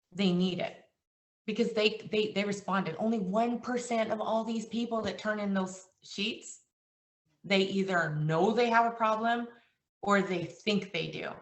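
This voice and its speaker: A woman's voice: mid-range voice, unhurried, distant mic. A woman coaching sales agents in an earnest, emotional way, retelling client calls. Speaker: insurance agency trainer. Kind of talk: motivational sales training talk. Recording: echoey room, voice from off-mic.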